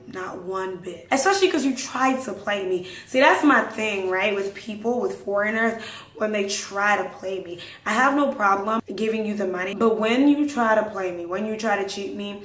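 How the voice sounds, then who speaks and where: A woman's voice: mid-range voice, normal speed. A young woman podcast host telling a wild story casually, acting out the quotes. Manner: animated, dramatic retelling with acted-out quotes. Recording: roomy, distant mic.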